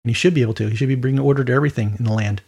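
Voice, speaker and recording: A man preaching an informal Bible teaching in a conversational, animated way with quick asides. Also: medium pitch, vocal fry, husky.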